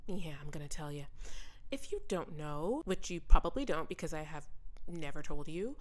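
Woman, podcast host, animated storytelling, low-ish voice, chatty. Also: moderate pace, faint music behind. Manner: animated, chatty, addresses listeners directly. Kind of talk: casual storytelling monologue.

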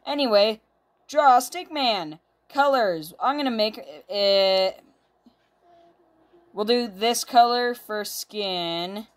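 A woman's voice: medium pitch, slow. A woman hosting a casual let's-play, talking through the game in a chatty, upbeat way and reading on-screen text aloud, with a child beside her at home. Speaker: gaming channel host.

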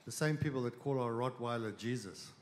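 A man voicing a deadpan talking parrot in a joke, in a reverberant hall. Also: mid-range voice, a little fast, background noise, natural voice.

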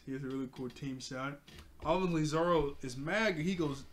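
A man's voice: a little high, moderate pace. A man casually recapping an anime episode for his review channel, chatty and rambling, laughing often.

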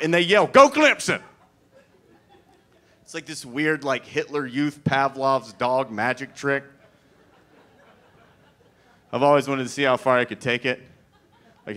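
A male comedian delivers a stand-up set in an easygoing, rambling manner, full of fillers and asides. His voice sits at an ordinary middle pitch, and his delivery is wry and profane. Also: fairly bright tone. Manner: rambling, conversational, filler-heavy.

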